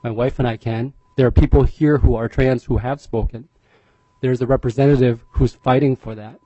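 A man's voice: mid-range voice, steady tone, dark tone, dry recording. A man giving public testimony as a parent, earnest and openly emotional, stumbling over repeated words. The sound is dry and a little dull, without sparkle. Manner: earnest, emotional, halting repetitions. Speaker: parent testifying at a legislative hearing.

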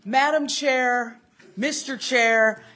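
A woman doing a playful impression of a male colleague in a committee hearing, speaking slowly with a drawn-out, jokey delivery. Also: fairly high pitch, a bit bright, voice pushed up. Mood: mock-formal.

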